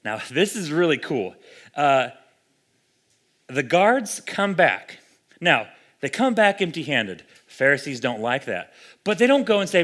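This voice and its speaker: A young adult man preaching a sermon in a relaxed, conversational way, animated and acting out the voices he quotes. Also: a little high, unhurried. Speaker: pastor.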